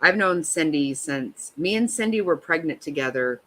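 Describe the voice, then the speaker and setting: A woman's voice: deep voice, lively intonation, moderate pace, low-quality recording. A woman in her fifties hosting a livestream, chatting casually with viewers and giving blunt, profane reactions to a trial. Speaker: livestream host.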